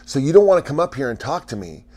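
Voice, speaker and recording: Male streamer, mid-pitched, rambling chat full of restarts and chuckles. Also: very animated, fast talker, a little mellow. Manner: rambling, stammers and restarts, laughs often. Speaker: livestream host chatting with viewers. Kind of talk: casual livestream chat.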